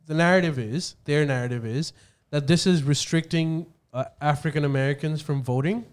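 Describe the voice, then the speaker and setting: Explanatory man with a slightly high voice. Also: moderate pace. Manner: explanatory, methodical, hesitant restarts. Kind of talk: casual chat.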